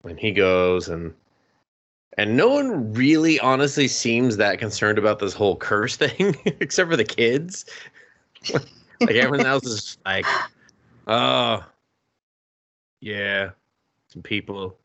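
A man co-hosting a podcast in casual chat, sarcastic, profane and quick to laugh. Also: medium pitch, big pitch swings, fairly bright tone, dull audio. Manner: swearing, sarcastic, laughs often. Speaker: podcast co-host.

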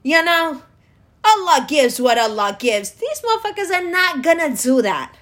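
A woman's voice: high-pitched, sing-song, normal speed, a bit bright. A woman delivering an angry, profane political rant, scornfully lecturing the viewer directly. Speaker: political commentator.

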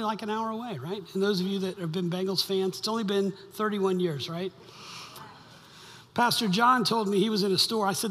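Pastor preaching, high bright voice, lots of hall reverb, jokes with the crowd. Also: male voice. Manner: conversational and joking, with the congregation. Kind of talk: sermon. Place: church sanctuary.

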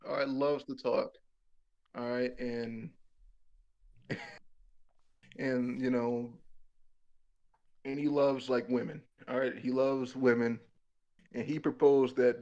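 A man's voice: medium pitch, muffled recording. A young man telling a rambling, profane comic story about his own life, laughing as he goes.

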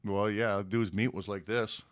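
A man from Michigan with a Michigan accent, co-hosting a casual podcast, crude and blunt, with loud bursts when he reads out viewers' names. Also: fairly low pitch, level tone, moderate pace. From United States. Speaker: podcast co-host. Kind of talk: casual chat reading viewer super chats.

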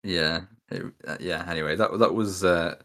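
A man's voice: low-pitched, normal speed, a bit bright. A man co-hosting a podcast in casual chat, talking hesitantly with dry chuckles. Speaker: podcast co-host.

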